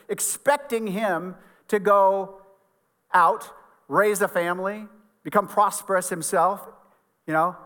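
A man's voice: sits high, a little slow, bright, forceful tone, in a large hall. A middle-aged man, a pastor, giving an earnest, conversational sermon in a church sanctuary.

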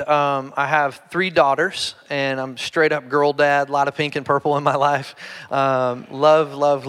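A middle-aged man with a Kentucky accent preaching a conversational sermon to a congregation, chatty and self-deprecating, with frequent restarts and a hushed tone when he prays. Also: medium pitch, smooth. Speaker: pastor. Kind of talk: conversational sermon with humorous stories. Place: church service before a live congregation.

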